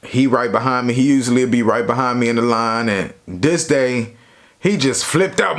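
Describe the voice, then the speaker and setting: A young man casually telling a story from his own life to his viewers, in a slangy, relaxed way. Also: medium pitch, normal speed. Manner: slangy, relaxed, lots of "you know". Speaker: YouTuber.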